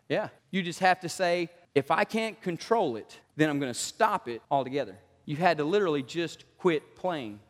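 Man, preaching, laughs between points, echoing church hall. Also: fairly high pitch. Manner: animated, joking, laughs often. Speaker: pastor. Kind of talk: sermon. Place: church sanctuary. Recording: long church hall reverb.

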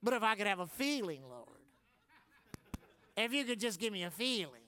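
A male pastor preaching a sermon emphatically, swinging between shouts and low asides and laughing often. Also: sing-song, normal speed.

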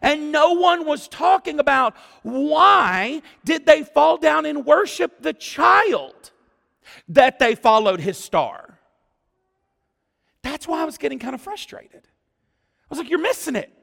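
A man preaching a sermon as pastor, animated and exclamatory, acting out what people say. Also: very high voice, slow pace, vocal fry. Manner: animated, exclamatory, acts out quotes. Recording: long church-hall reverb.

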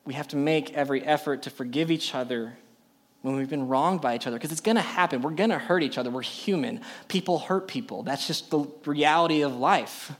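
A man's voice: on the high side, a little fast. A young adult man preaching a sermon to a youth group, emphatic and full of rhetorical questions. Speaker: youth pastor.

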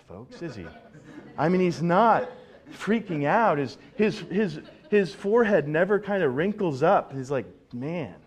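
A male pastor giving a sermon in a conversational, animated way, often repeating words as he builds a point. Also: on the high side.

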